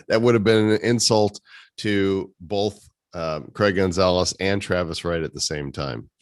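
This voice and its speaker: A man hosting a casual community meeting over video call speaks in a low voice at a measured pace, with no echo. He jokes around and teases his co-hosts sarcastically.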